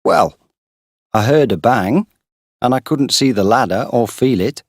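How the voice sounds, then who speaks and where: A brash young farm man calling out loud and raised, as an audiobook reader voices him. The voice sits above the reader's own and the sound is dry. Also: medium pitch, lively intonation, unhurried, slightly rough, no echo, voice pushed up. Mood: angry.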